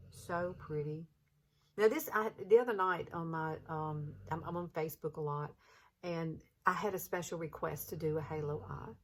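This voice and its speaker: A woman's voice: lowish voice, a little hiss or hum. A woman in her fifties with a Southern US accent, chatting through a makeup tutorial in a folksy, encouraging way. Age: 50s.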